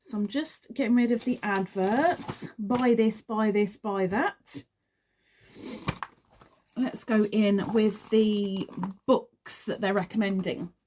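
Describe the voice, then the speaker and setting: A woman speaks slowly and casually as she reviews a craft magazine. She reads passages aloud and then drifts into chatty, meandering asides. Her pace stays unhurried throughout. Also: mid-range voice, a little mellow, slight background noise. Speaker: crochet vlogger.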